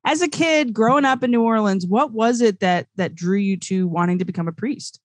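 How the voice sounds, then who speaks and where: A woman with a Louisiana accent hosts a podcast interview in a friendly, chatty way. Her voice sits at a middle pitch for a woman and is recorded dry, with no room sound. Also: fairly quick, dry recording. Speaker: podcast host.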